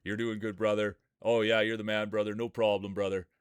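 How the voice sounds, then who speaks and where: A man imitating a chilled-out deep-voiced buddy. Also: flat delivery, fairly quick, smooth, no room sound, natural voice. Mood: mellow. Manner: chilled out, drawls "brother" warmly. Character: laid-back deep-voiced man, friendly and kind.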